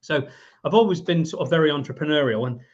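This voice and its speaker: A man's voice: a little high, fast. English man in his fifties, muffled audio. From England. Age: 50s. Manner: lively storyteller, briefly voicing the people in his story. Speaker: guest, business owner. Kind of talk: storytelling in a podcast interview.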